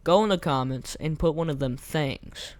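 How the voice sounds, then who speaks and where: A young man talks through a boss fight in loose, slangy, rambling commentary, his voice hoarse and fraying. His pitch sits a little high for a man, and the recording is dry and close with no room sound. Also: normal speed, no room sound. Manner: rambling, slangy, repeats himself. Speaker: gaming content creator. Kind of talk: casual gameplay commentary.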